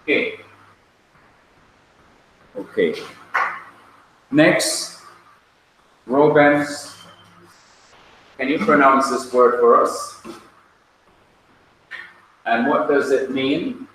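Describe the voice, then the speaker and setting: A male Hebrew teacher leads a classroom lesson, calling on students by name and patiently drilling their pronunciation. His mid-range, fairly bright voice is extremely slow with frequent pauses. The recording comes from far off in an echoey classroom with faint noise.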